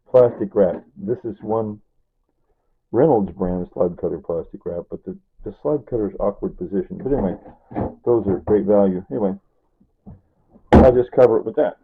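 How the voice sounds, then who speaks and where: Husky and on the low side, this vlogger talks at a normal speed. He's a middle-aged Kansas man rambling through a home cooking video, drifting into side comments and asking "right?" and "see?" as he goes, all recorded with a thin, phone-like quality.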